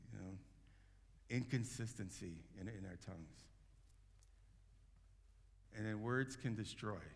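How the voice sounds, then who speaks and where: A man preaching, his low, gravelly voice carrying through a church hall with long reverb. He talks loosely and conversationally, circling back and restarting his phrases as he goes. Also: takes it slowly. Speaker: pastor. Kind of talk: sermon. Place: church sanctuary.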